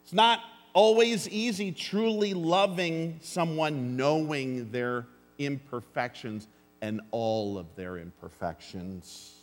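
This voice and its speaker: A man's voice: on the high side, slow pace, faint music behind. A pastor preaching a sermon to his congregation, earnest and plainspoken, with dry jokes and calls for an amen. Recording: long hall reverb.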